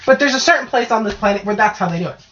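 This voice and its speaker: A woman's voice: a little high, rapid-fire, a little hiss or hum. Ranting, profane podcast woman. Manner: profane, ranting, animated storytelling. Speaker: podcast host. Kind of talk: casual chat. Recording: dull lo-fi podcast audio.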